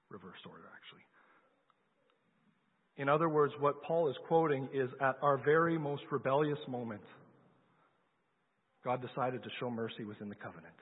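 A man's voice: medium pitch, moderate pace, long pauses, husky. A man preaching a sermon, telling a Bible story in a conversational way and asking his listeners questions. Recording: lo-fi phone-like sound with long hall reverb.

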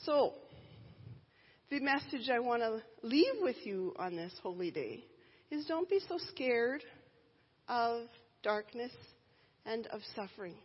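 A woman's voice: on the high side, sing-song, husky. Earnest woman preaching in a reverberant church. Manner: earnest, emphatic, slow deliberate pauses. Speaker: pastor. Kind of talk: sermon. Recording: dull sound with long hall reverb.

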